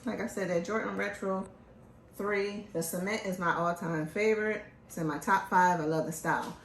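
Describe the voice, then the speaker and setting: A woman's voice: medium pitch, a little hiss or hum. Chatty woman hosting from an echoey room. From Philadelphia. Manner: animated, joking, chatty. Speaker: host. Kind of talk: casual chat.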